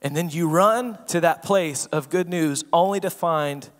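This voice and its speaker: A man preaching a sermon as pastor, swinging between loud emphasis and hushed asides and asking the room rhetorical questions. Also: fairly high pitch, measured pace. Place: church sanctuary. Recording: long reverb of a church hall.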